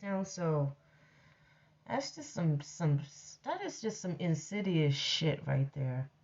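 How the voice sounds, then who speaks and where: A woman talks through a personal story at an unhurried, drawn-out pace, blunt and freely profane. Her voice comes through a dull, lo-fi recording with muffled highs. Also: sing-song, a little mellow. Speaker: storyteller host. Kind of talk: casual storytelling monologue.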